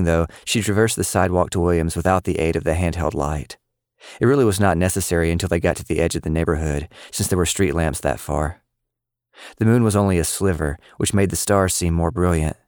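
A man narrating a story in a steady, even storytelling manner. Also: low-pitched, clear, resonant tone, dry recording, studio quality. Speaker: audiobook narrator. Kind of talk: scripted narration.

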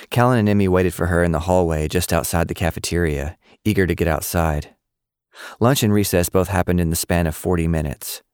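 A man reading a novel aloud as its narrator, steady and measured. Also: deep voice, clean tone, no echo, clean studio sound. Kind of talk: scripted audiobook narration.

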